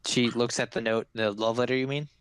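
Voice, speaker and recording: A man's voice: medium pitch, steady tone, fairly quick, fairly bright tone, smooth, dry recording. A man narrating a tabletop game as game master, in a loose, chatty way with fillers.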